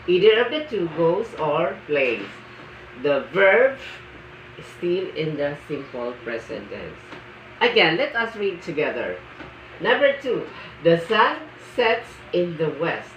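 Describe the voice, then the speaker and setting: A woman teaching an English grammar lesson, slowly and emphatically reading out example sentences for the class to repeat. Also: fairly low pitch, very animated, slight background noise. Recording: echoey, muffled room from a distance.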